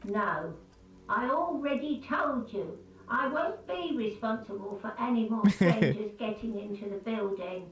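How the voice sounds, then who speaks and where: A woman's voice: a little high, lively intonation, unhurried, lo-fi sound. An actress voicing a grumpy elderly woman who scolds a stranger through a locked door in a video game. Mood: scolding. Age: older. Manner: scolding, dismissive. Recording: roomy, distant game audio with faint hum.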